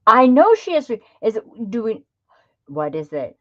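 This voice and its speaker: A woman's voice: on the high side, huge pitch swings, normal speed, dull audio. A middle-aged woman hosting a craft livestream, chatting casually and greeting viewers by name. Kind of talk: casual live-stream chat.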